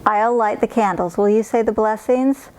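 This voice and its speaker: A woman voicing a kindly, chatty old grandmother in a storybook, cheerful and doting, gently scolding. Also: mid-range voice, moderate pace, natural voice, poor audio. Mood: welcoming. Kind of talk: storybook character voice.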